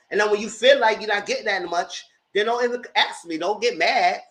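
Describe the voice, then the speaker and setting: A man's voice: sits high, fairly quick, fairly bright tone. A man giving casual, slangy, gossipy commentary while reviewing reality TV. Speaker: TV show reviewer.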